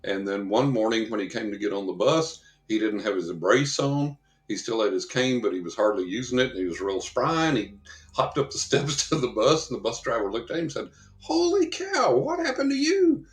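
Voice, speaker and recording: Speaking briskly in a lowish voice, a male psychic investigator shares rambling interview anecdotes, doing impressions of those he quotes. The room sounds echoey.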